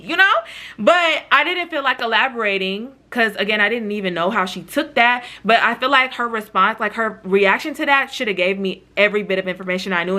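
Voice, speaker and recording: A woman's voice: on the high side, bright, forceful tone. A woman vlogger telling a chatty storytime with lots of slang, talking straight to her viewers. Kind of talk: storytime vlog.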